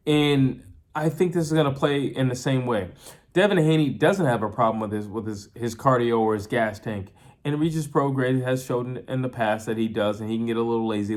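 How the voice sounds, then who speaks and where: Man chatting through a fight breakdown. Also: mid-range voice. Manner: chatty, repeats and restarts often, uses filler like "you know". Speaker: boxing commentator.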